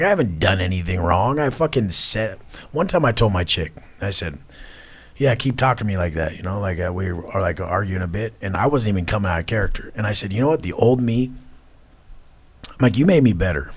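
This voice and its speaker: A man's voice: on the low side, expressive, a little fast, breathy edge. A man in his thirties, a podcast guest talking bluntly and intensely, swearing often. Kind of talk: casual chat.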